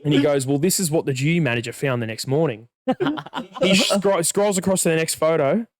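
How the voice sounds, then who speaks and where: A man's voice: on the high side, a little fast. Young man telling a wild story. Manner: animated, swears freely, acts out dialogue. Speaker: podcast co-host. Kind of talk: casual storytelling.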